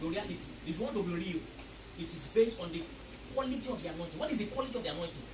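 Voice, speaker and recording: A man's voice: high-pitched, expressive, rapid-fire. A man preaching a sermon emphatically, repeating phrases and leading the congregation in call-and-response. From Nigeria. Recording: echoey, distant mic, noisy.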